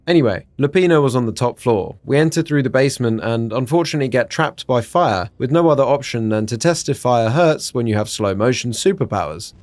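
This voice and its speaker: An English man talks through a game retrospective, chatty and sardonic, with a casual swear here and there. His voice sits at an everyday middle pitch, and the close mic sounds dry and intimate. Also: a little mellow, dry recording. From England. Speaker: gaming YouTuber.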